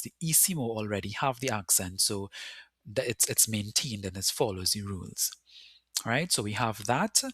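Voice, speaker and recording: A man's voice: medium pitch, a bit bright, dry recording. Patient male Spanish teacher, dry close voice. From Caribbean. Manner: patient, explains step by step and slows to spell out words. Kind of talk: recorded video lesson.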